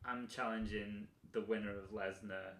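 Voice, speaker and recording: A man co-hosting a casual podcast chat, animated and prone to restarting his sentences. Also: fairly low pitch, normal speed. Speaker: podcast co-host. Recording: roomy echo.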